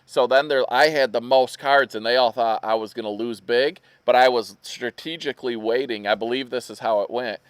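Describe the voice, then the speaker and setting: A middle-aged man from Michigan, talking with a rural drawl on a casual podcast. He tells stories in a lively way and mimics other people's voices. His voice sounds dry and close, with almost no room echo. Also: mid-range voice, normal speed, few pauses, smooth. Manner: animated storyteller, acts out others' voices. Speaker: podcast co-host. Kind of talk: casual chat.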